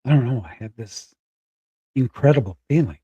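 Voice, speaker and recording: A middle-aged man telling a personal story candidly, halting and close to tears. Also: mid-range voice, expressive, dark tone, husky, dry recording, dull audio. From Spokane, Washington. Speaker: guest.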